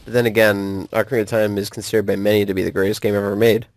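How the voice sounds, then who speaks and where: A man ranting about games in casual chat with a friend, animated and quick to curse and laugh. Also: on the low side, no echo. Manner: animated, swears freely, laughs often. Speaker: co-host of a gaming channel.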